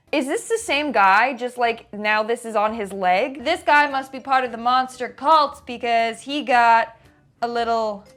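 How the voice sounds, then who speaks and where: A woman's voice: a little high, fairly bright tone. A woman hosting a comedic reaction video, chatty and sarcastic with playful asides. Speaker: host.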